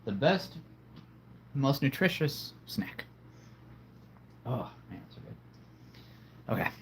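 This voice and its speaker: A man's voice: medium pitch, big pitch swings, takes it slowly, a little hiss or hum. A man hosting a casual livestream, chatting playfully with viewers and laughing at his own jokes. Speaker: livestream host.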